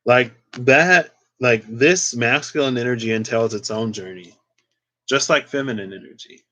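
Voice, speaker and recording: A man's voice: mid-range voice, moderate pace, bright, forceful tone, poor audio. Chatty man giving a tarot reading. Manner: chatty, lots of "like" and playful asides. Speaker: tarot reader.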